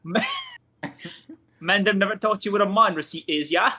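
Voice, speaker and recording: Man doing a cheeky crude British bloke, exaggerated fake British accent, overdone slang, raised and bright. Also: sits high, normal speed, husky, voice pushed up, exaggerated voice. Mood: cheeky mock.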